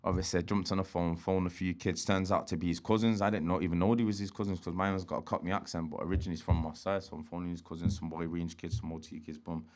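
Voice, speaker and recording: A man's voice: low voice, level tone, fast talker, hardly any pauses. A man, a guest telling street stories in a slangy, swearing style and acting out quotes. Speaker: interview guest. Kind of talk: casual storytelling.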